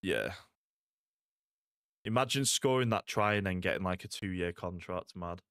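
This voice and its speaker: Low-voiced and measured, this young man from Salford keeps up laid-back gaming stream chat with his viewers, dropping plenty of "like" and "mate." His tone is fairly bright. The studio recording carries no echo.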